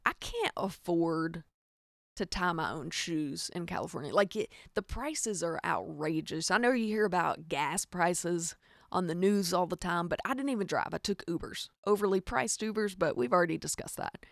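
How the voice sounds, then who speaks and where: A woman with a Southern Arkansas accent tells a comic story in a low, gravelly voice. She talks in animated, exasperated bursts with wry asides. The sound is dry and close, with no room around it. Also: moderate pace, no echo. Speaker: podcast host. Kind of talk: comedic storytelling monologue.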